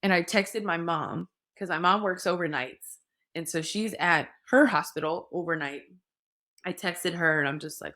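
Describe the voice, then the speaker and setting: A young woman with a fairly low voice tells her story in a frank, conversational way. She retells events with animation and slips into other people's words as she goes. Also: moderate pace, bright, forceful tone. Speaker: podcast guest sharing her birth story.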